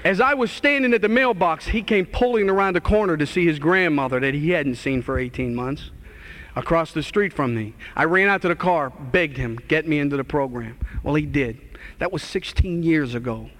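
A man in his forties giving an earnest, animated testimony. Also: fairly high pitch, moderate pace. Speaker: guest speaker sharing testimony. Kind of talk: testimony talk.

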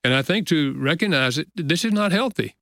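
An older man, a guest author, telling a personal story in an earnest, gentle way with frequent soft chuckles. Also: a little high, expressive, fairly quick, no echo, clean studio sound. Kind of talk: reflective storytelling interview.

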